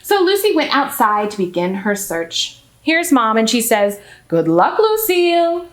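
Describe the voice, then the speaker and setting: A woman reads a picture book aloud to children in an animated storytime voice, stopping to ask her listeners questions. Her voice is high and lively, rising and falling often. It rings in an echoey room with faint music in the background. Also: moderate pace. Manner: animated, asks the audience questions. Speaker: children's librarian. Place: library.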